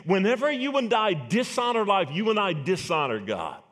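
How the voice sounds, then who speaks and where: High-voiced preaching pastor. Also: male voice, sing-song, moderate pace, fairly bright tone. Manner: earnest, emphatic preaching with rhetorical questions. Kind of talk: sermon.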